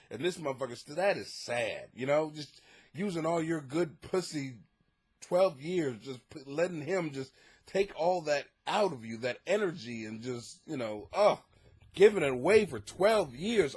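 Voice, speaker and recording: A man's voice: fairly high pitch, darkish tone, breathy edge. A man hosting a comedy podcast, ranting profanely with sarcastic mock outrage while reading listener letters. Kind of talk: crude comedic advice rant. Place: home basement.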